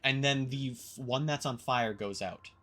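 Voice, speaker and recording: Male game master, casual narration, bright voice. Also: mid-range voice. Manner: casual, halting narration with fillers.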